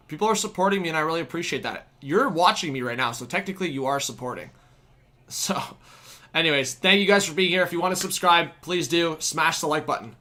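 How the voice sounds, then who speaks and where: A young man hosting a live hockey stream, calling plays excitedly and chatting casually with viewers. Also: on the high side. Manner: excitable, shouts at big plays, chats with viewers. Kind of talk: hockey play-by-play and chat.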